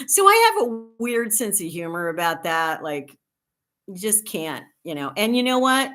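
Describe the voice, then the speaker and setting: A woman's voice: medium pitch, sing-song, a little slow, fairly bright tone. A woman in her sixties from the United States hosting a casual livestream, chatting in a rambling way with dry humor and answering viewer comments. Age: 60s. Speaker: livestream host.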